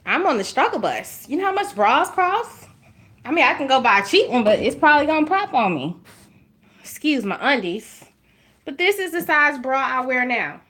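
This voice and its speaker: A woman with an Alabama drawl talks to camera at home, her voice sitting a touch high. She is frank and jokey, always speaking straight to her viewers. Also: very animated, moderate pace, a bit bright. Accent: Southern US, Alabama. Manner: candid, joking, talks straight to viewers as y'all. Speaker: vlogger. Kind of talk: casual chat to camera. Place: at home by her makeup table.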